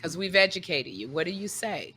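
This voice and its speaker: Bright-voiced bossy woman co-host. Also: fairly low pitch, expressive, a little fast, husky. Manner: bossy, teasing, lecturing. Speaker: podcast co-host. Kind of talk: casual comedic chat.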